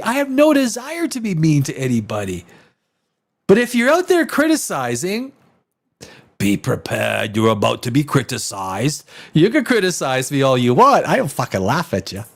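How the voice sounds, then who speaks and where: A man hosting a live stream in casual chat, rambling and profane, with many restarts. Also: sits high. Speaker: live show host.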